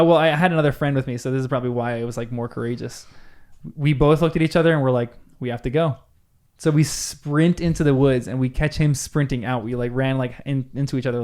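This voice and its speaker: A young man co-hosting a casual podcast, telling a story among friends. He gets animated and acts out the people he quotes. His voice sits at an ordinary middle pitch. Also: fast, clear, resonant tone. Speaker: podcast co-host. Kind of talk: casual storytelling in group chat.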